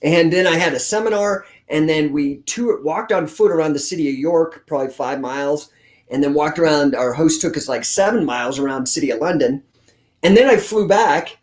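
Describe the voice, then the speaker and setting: Brisk and on the high side, the voice belongs to a man in his forties who coaches grappling. As a guest in a casual interview, he tells animated, blunt stories laced with profanity, heard with a roomy echo.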